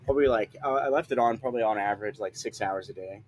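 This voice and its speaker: A man's voice: lowish voice, fast talker, a little mellow. A young man, a solo sailor guest on a podcast, talking in a laid-back way and laughing easily. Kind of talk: casual conversation. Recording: faint background noise.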